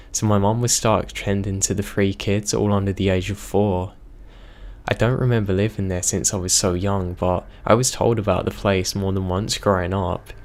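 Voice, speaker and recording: A man reading reader-submitted horror stories aloud as a scripted narration, in a steady, measured way. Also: lowish voice.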